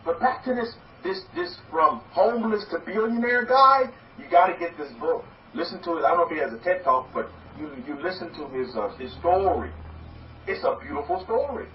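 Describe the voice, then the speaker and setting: A man teaching as a rabbi in a lively sermon, acting out quoted voices and repeating words as he goes. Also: sits high, brisk. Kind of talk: sermon-style teaching talk. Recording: echoey, distant, dull and slightly noisy.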